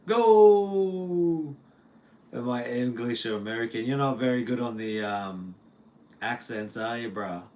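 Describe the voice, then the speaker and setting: A man's voice: medium pitch, flat delivery, normal speed, a little hiss or hum. Laid-back Australian man chatting on livestream. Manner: laid-back, jokey, laughs often, Aussie slang. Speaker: livestream host. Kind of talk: casual livestream chat reading comments. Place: home.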